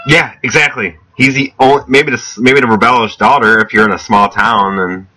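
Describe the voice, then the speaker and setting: A man co-hosting a podcast in casual chat, joking and halting, with many restarts. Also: medium pitch, fairly even intonation, pushed and bright. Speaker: podcast co-host.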